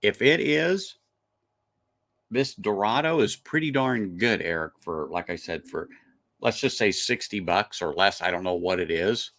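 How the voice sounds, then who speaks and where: On a live stream, a man reviews a whiskey in casual, chatty talk packed with restarts and fillers. His voice is lowish and fairly bright, and he sounds animated yet unhurried.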